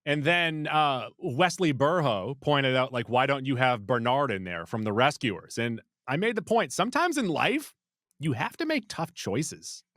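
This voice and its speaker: A man co-hosting a movie podcast is very animated in casual, jokey chat, rattling off lists a little slowly. His mid-range voice has a fairly bright tone, and the clean studio recording has no room sound.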